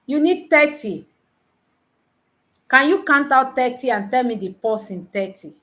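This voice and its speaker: A woman tutoring nurses in a live online lesson, teasing her students and quizzing them with repeated questions, counting aloud slowly. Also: high voice, expressive, pushed and bright. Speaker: nursing exam tutor.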